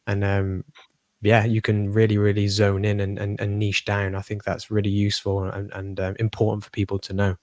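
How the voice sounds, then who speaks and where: A man hosting a podcast, talking in a relaxed way and often repeating words as he finds his phrasing. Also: lowish voice, moderate pace, dry recording. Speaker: podcast host. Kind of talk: casual podcast conversation.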